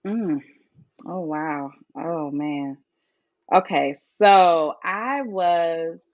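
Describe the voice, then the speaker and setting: A woman's voice: low voice, no room sound, lo-fi sound. A woman guest speaking earnestly and reflectively in an interview, telling a personal story. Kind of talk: conversational interview.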